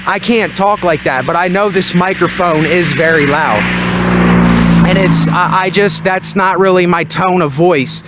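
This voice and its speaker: A man with a high-pitched voice delivers a loud, emphatic motivational monologue. He is outside at night near his building, speaking close into a handheld microphone. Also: sing-song, unhurried, background noise. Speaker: vlogger.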